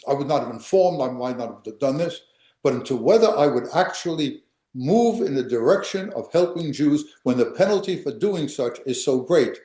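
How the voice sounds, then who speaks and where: A man's voice: medium pitch, animated, moderate pace, warm tone, roomy sound. An older man, a history professor, lecturing emphatically and answering questions, often repeating and restarting phrases.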